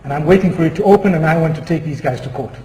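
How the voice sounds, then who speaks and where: A proud, indignant woman, as a preacher puts her on, fires off quick, huffy demands. The voice is fairly high, and it echoes through a large hall. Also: dark tone, slight background noise, lightly acted.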